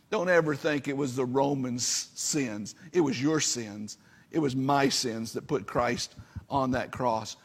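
A man's voice: medium pitch, slightly rough, in a large hall. A man preaching a sermon as pastor, earnest and building to impassioned peaks.

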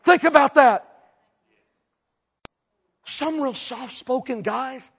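A man preaching a humorous sermon, acting out voices and shouting for emphasis. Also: sits high, a little slow, pauses often, dull audio. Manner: animated, jokes and acts out voices, shouts for emphasis.

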